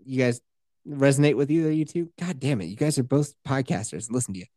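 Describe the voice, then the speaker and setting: A male podcaster gives an animated, profanity-laced rundown of a movie, dropping into different voices as he goes. His voice is mid-range and his pace quick. The audio is studio quality with no room sound.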